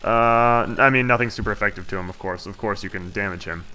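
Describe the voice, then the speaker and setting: Rambling young man with bright tone. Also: on the low side, fast talker, a little hiss or hum. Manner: rambling, self-correcting, chatty. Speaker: let's-play host. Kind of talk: casual let's-play commentary.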